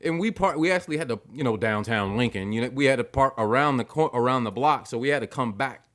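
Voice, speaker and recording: A young man in a mid-range voice tells stories on a podcast with lots of energy. He gets worked up easily, swears freely and jumps up in pitch when he is excited. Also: fast. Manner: animated storyteller, excitable, swears a lot. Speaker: podcast co-host. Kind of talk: casual chat.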